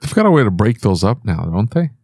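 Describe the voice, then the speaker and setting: A man with a low, mellow voice hosts a casual chat and asks short follow-up questions. The sound is dry and close. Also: very animated, fast, slightly rough, no echo.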